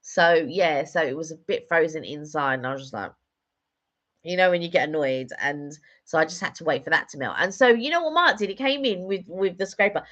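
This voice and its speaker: A woman's voice: low-pitched, brisk, a bit bright, lo-fi sound. A woman chatting casually on a live stream, telling rambling stories with lots of fillers. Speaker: vlogger doing a live stream. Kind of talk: casual chat.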